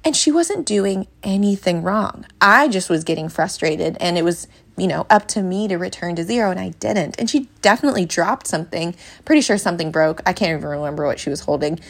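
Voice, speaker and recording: A young woman with a slightly low voice chats frankly about parenting as a podcast host. She talks casually and bounces into a brighter, higher voice when she quotes someone. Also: a little fast, few pauses. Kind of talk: casual chat.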